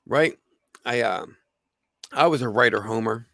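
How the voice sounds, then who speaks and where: A slightly hoarse man with a gravelly voice hosting a casual livestream, rambling with lots of fillers and restarts. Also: medium pitch, unhurried, a bit bright, dry recording. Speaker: livestream host.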